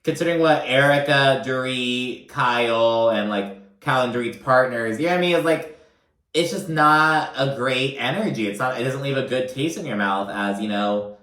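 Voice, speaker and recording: A man's voice: medium pitch, moderate pace, pushed and bright, echoey room. A man giving casual, profane, gossipy recap commentary on a reality show, full of fillers.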